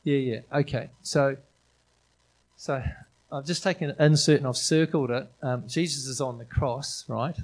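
A middle-aged man preaching to his congregation in a loose, conversational style. He sounds eager and keeps circling back on his words with fillers and restarts, at an ordinary mid pitch for a man. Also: steady tone, moderate pace, poor audio. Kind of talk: informal sermon.

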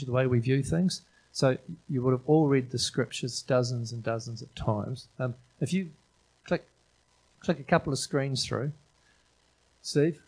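A man's voice: mid-range voice, a little mellow, husky, rough recording. A middle-aged man preaching an informal sermon in a chatty, enthusiastic way, often restarting his sentences. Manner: conversational, enthusiastic, frequent restarts and fillers.

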